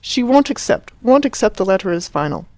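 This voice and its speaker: A woman's voice: medium pitch, big pitch swings, a little fast, a little mellow, no room sound, pitched above the performer's own voice. A woman reading as an imperious English mother. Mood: insistent. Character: agitated elegant upper-class English mother.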